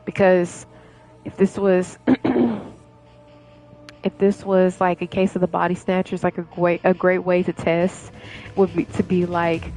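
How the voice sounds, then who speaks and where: A woman's voice: on the low side, little pitch movement, slow pace, mellow, faint music behind. A young woman streamer chatting casually with her viewers, laughing often and rambling with many fillers. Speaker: gaming streamer.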